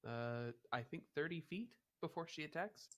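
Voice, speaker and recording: A man running a tabletop game as dungeon master, calmly explaining rules and moves. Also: on the high side, normal speed. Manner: calm, procedural, explains rules.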